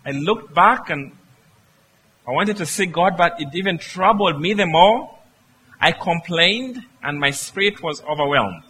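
A man's voice: sits high, lively intonation, measured pace, pushed and bright, slightly rough, low-quality recording. A man preaching a sermon, reading scripture aloud and explaining it with rhetorical questions.

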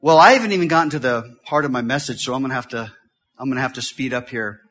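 A middle-aged man preaching a sermon as a visiting pastor in a church, talking fast and swinging from loud bursts to hushed, quiet stretches. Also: medium pitch.

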